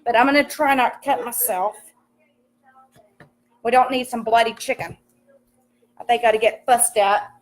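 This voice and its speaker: A woman's voice: on the high side, moderate pace, pauses often. A young woman chatting casually on a cooking livestream, greeting viewers by name and laughing often. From American countryside. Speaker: livestream host cooking while reading comments. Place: home kitchen. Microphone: phone camera.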